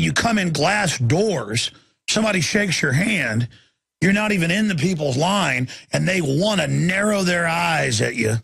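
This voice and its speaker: A man hosting a talk radio show rants with a raised pitch and a husky edge. He drops into low, tired muttering, then climbs back up into shouting. The voice is rough and gravelly throughout. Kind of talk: impassioned talk radio monologue.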